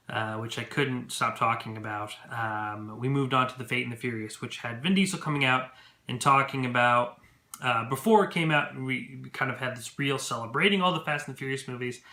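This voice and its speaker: A man recapping an event to camera in a casual vlog, chatty and excitable with many fillers. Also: mid-range voice. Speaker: movie vlogger. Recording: echoey room.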